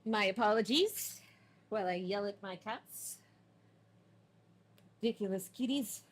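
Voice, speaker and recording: A woman's voice: medium pitch, measured pace. A woman streaming a game from home, chatty and laughing often, her throat sore from smoke allergies. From Canada. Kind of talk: casual let's play chat.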